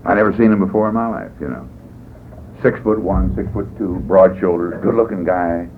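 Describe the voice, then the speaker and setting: Here the speaker's voice sits low and moves at normal speed. He rambles through his recovery-meeting testimony in a folksy way, with dry wit, in a meeting room captured on tinny lo-fi tape carrying faint hiss.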